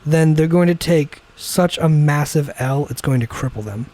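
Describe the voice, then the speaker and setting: Ranting young man with a higher voice. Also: moderate pace, a little mellow. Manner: ranting, swearing, acts out quoted people. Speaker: podcast co-host. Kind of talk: casual chat over beers.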